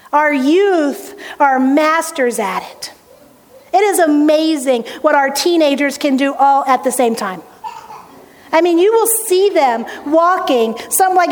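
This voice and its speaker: A woman pastor preaching a conversational sermon to her congregation, speaking from a church sanctuary. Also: high-pitched. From United States. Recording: hall reverb, church sanctuary.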